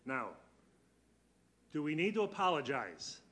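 A man teaches a church Bible class in a slightly high voice. He is earnest and keeps putting questions to his students. He slows down to press on key words. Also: very animated, fairly bright tone.

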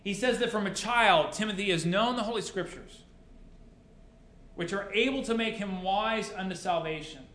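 Guy preaching a sermon, asks lots of questions, dry jokes, kinda higher voice, echoey church. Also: normal speed, a bit bright. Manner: rhetorical questions, dry humor. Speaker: pastor. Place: church sanctuary. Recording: roomy church echo.

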